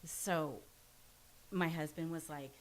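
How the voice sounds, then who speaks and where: A woman's voice: sits low, steady tone, takes it slowly, a little hiss or hum, rough recording. A woman in her forties, a podcast guest, telling a personal story in an earnest, forthright way. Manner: earnest and forthright, self-described pushy. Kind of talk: candid storytelling in casual conversation.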